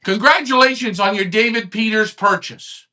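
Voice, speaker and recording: A man hosting a live online pigeon club show, ranting heatedly, swearing and swinging from shouts to quiet mutters. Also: high-pitched, normal speed. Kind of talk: heated live-stream rant.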